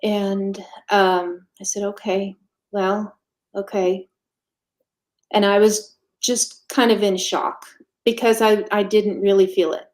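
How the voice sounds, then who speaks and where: A woman telling her own story as an interview guest, candid and matter-of-fact, pausing often and filling gaps with ums. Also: medium pitch, fairly even intonation, darkish tone. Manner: halting, with frequent pauses and fillers. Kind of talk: casual conversational storytelling.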